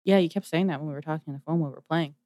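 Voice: medium pitch, very fast, dark tone, no room sound, clean studio sound. Wry teasing podcast co-host from Canada. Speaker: podcast co-host reviewing games. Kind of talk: casual chat.

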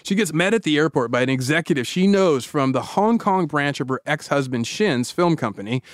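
A man co-hosting a podcast, telling a story in a casual, joking, animated way. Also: fairly high pitch, a little fast, dry recording, clean studio sound. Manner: animated, joking, laughing often.

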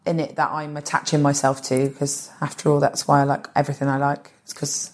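A woman's voice: low voice, completely flat delivery, a little fast. A woman comedian talking as a podcast guest, gushing about films and tripping over repeated words. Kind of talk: casual comedic interview.

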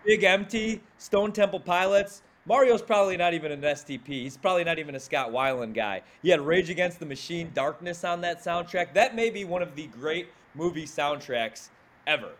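A man's voice: fairly high pitch, fairly quick, fairly bright tone. A man co-hosting a sports talk show, speaking in an enthusiastic, emphatic way. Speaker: co-host.

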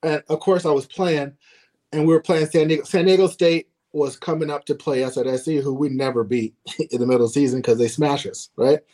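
A middle-aged former ballplayer appears as a guest in a casual interview, telling stories earnestly. His voice is fairly high, steady and warm, and he talks fairly quickly, chuckling softly and tacking on "right?" often.

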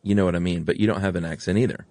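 Podcast cohost dude, really deep voice, gushes and rambles, dry mic. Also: male voice, fairly even intonation, rapid-fire, a little mellow, dry recording. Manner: enthusiastic, rambling, gushing. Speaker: podcast co-host. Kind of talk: casual chat.

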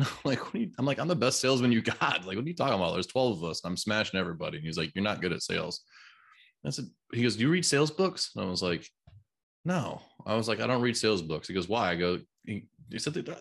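A man hosting a podcast, his voice very low. He talks casually and tells stories, laughing easily along the way. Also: expressive, fast, fairly bright tone. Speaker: podcast host. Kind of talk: conversational podcast interview.

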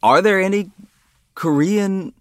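A young man co-hosting a casual comedic chat, talking in quick, excitable bursts. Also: high-pitched, dry recording. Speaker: co-host.

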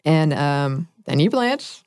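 A woman's voice: sits low, sing-song, takes it slowly, a little mellow, clean tone, no echo, clean studio sound. A woman co-hosting a casual food chat, laughing often and correcting herself. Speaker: podcast co-host.

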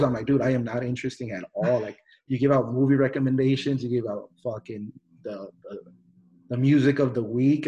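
A man's voice: medium pitch, a little mellow, dull audio. Rambling casual male podcast host. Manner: rambling, many restarts and fillers, swears.

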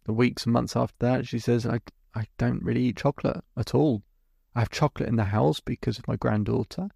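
A man's voice: medium pitch, fairly even intonation, fairly quick, vocal fry, warm tone, husky, no echo, studio quality. A man hosting a podcast as a hypnotherapist, telling a client's story in vivid detail and acting out both sides of the conversation. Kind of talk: storytelling monologue.

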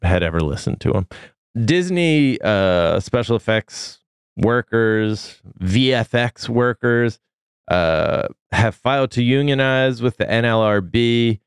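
A man co-hosting a podcast, talking through a cold in a deep gravelly voice, relaxed and full of ums. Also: slow pace, dry recording, studio quality. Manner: relaxed, with many ums and uhs. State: sick, foggy. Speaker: podcast co-host. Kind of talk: casual news chat.

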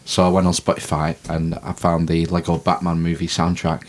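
A man's voice: low-pitched, completely flat delivery, a little fast. A man, co-hosting a casual podcast chat, swearing freely and laughing often. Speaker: podcast co-host.

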